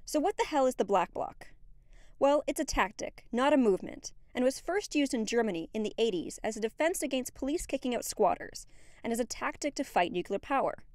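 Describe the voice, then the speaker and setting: A woman host delivering scripted narration for a news feature, crisp and punchy. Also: a little high, expressive, brisk, darkish tone, no echo, studio quality.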